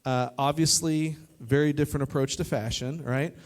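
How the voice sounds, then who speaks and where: A man preaching a youth sermon to a live audience, lively and joking, talking straight to the crowd. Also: fairly high pitch, normal speed. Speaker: youth pastor. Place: church youth service in front of an audience.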